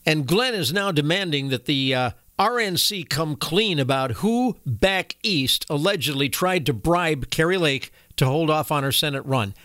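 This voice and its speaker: A male commentary host with a somewhat high voice talks into a close, dry mic. He is folksy and indignant, with frequent "uh"s and pauses as he reads posts aloud. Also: lively intonation, fairly bright tone, dry recording. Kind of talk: opinionated political commentary.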